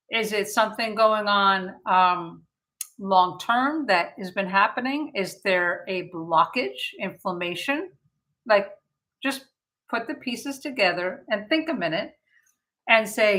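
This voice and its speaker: A bright, forceful woman in her fifties hosts a casual live-stream health chat. She talks in an animated, chatty way, full of fillers, and often acts out her own thoughts. Her voice sits at a middle pitch. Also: slow pace, rough recording. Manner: chatty and animated, with many fillers and quoted self-talk. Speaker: naturopathic doctor and show host.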